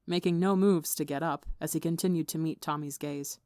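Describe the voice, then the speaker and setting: A woman narrating a fan fiction story in an even, measured way. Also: low-pitched, no room sound. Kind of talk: audiobook reading of fan fiction.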